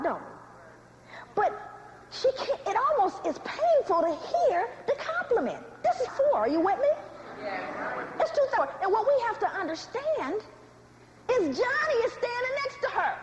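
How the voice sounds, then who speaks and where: A woman giving a public lecture with animated, dramatic storytelling and direct asides to the audience. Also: extremely high pitch, normal speed, long pauses, roomy sound, muffled recording, background noise. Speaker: speaker.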